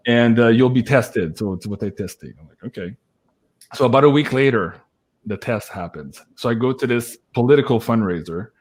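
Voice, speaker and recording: A man telling a long personal story in a casual chat, animated, laughing and swearing now and then, with lots of "like" fillers. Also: mid-range voice, normal speed. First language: French. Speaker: guest storyteller.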